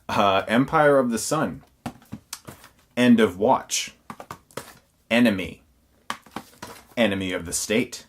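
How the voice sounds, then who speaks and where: A man's voice: on the low side, slow pace, pauses often, slight background noise. A man reviewing films who walks through his collection in a casual on-camera listing, dropping wry, sarcastic asides.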